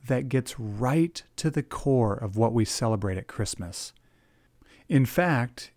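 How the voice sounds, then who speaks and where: A man preaching a short devotional sermon with earnest emphasis, stretching out his key words. His voice sits at an ordinary middle pitch. The recording is dry and close, with no room echo. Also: darkish tone.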